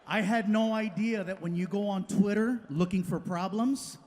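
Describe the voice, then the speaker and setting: A man doing stand-up comedy, telling stories in an animated way and laughing often. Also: sits high, moderate pace, slight background noise. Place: comedy stage before a live audience.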